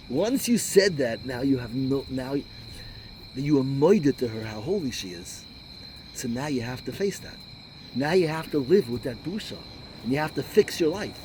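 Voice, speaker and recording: A rabbi preaching an animated sermon, sprinkling Hebrew and Yiddish terms through his English. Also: medium pitch, normal speed, slight background noise, rough recording.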